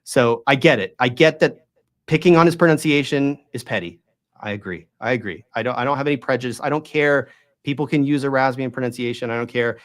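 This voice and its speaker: Explaining Greek pronunciation at length for a Bible study channel, the host is emphatic and argumentative and keeps checking in with whoever is listening. His voice is medium in pitch, fairly bright, and a little quick.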